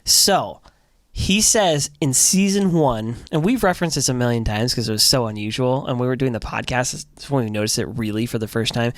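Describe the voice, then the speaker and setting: A man's voice: mid-range voice, fairly quick, no room sound, studio quality. A man co-hosting a podcast in casual chat, analyzing an episode and building his argument with frequent restarts. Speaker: podcast co-host.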